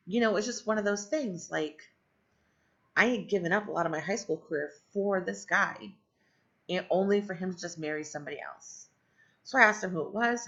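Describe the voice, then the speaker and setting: A woman's voice: deep voice, a bit bright. A middle-aged woman telling a long personal story in a rambling way, full of fillers and asides. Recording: dull lo-fi sound.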